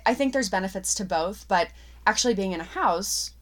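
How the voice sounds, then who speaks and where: Animated middle-aged actress, laughing often. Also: female voice, medium pitch, a little fast. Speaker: actress guest. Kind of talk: casual interview chat.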